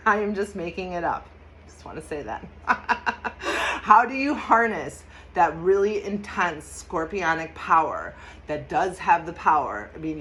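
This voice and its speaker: A woman's voice: on the low side, fairly bright tone, slight background noise. A woman giving a casual, enthusiastic tarot and astrology reading, talking emphatically, swearing freely and laughing often. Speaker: tarot reader.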